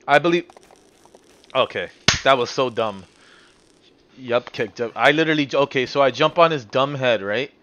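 A man's voice: medium pitch, moderate pace, a bit bright. A man live-streaming a game, commenting casually, frustrated and swearing as he mutters to himself.

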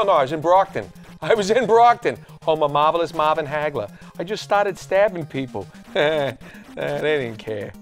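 A man voicing a dim, boastful tough guy with a Boston accent, rambling and bragging in a comedy bit over a video game. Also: on the high side.

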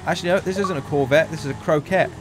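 A man's voice: a little high, fast talker, noisy background. A man chatting casually over gameplay as the channel's host, joking and bursting into theatrical outbursts.

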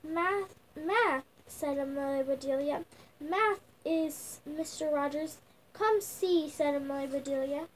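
A woman's voice: high voice, slow pace, slight background noise, low-quality recording. A young girl reading a picture book aloud at home, sounding out words with restarts. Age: child. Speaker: young reader.

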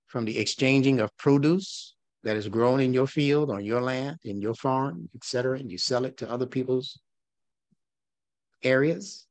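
This recorded religious lesson comes from a man with a medium-pitched voice speaking at a moderate pace, with no room sound. He reinforces his main points through repetition and puts rhetorical questions to his listeners.

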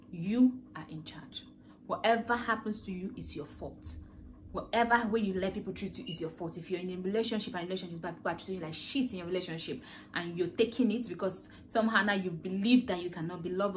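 A woman's voice: lowish voice, a little hiss or hum. A woman host giving an earnest, rambling motivational talk full of rhetorical questions. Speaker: podcast host.

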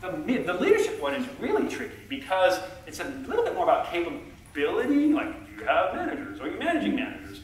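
A middle-aged man giving a conference talk from a stage, a self-confessed low talker who is chatty and self-deprecating and talks back and forth with the audience. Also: wildly swooping pitch, quick pace, slight background noise. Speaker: conference speaker. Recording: echoey hall, heard from far off.

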